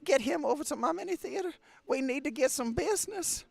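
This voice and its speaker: A man voicing a young Southern belle actress who runs a small theater, in a high, theatrical falsetto with a Southern accent. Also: animated, brisk, vocal fry, dry recording, full character voice. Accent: American Southern.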